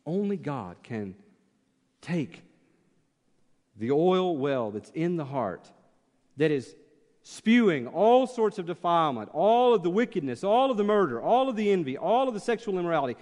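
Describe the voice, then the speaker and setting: A man's voice: high-pitched, a little mellow. A man preaching an expository sermon as pastor, passionate and rhetorical, repeating phrases for emphasis. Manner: impassioned, rhetorical questions, emphatic repetition. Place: church sanctuary. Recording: church hall with long reverb.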